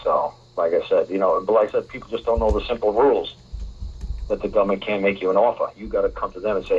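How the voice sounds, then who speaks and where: Man, talk radio host, emphatic, repetitive, lecturing, husky voice, muffled lo-fi broadcast. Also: lowish voice, fairly even intonation, fast talker. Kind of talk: talk radio advice to a caller.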